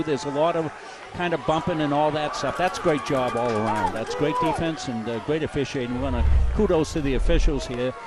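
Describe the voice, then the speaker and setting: A man doing color commentary on a live high school football game, explaining strategy in a folksy, coaching-minded way.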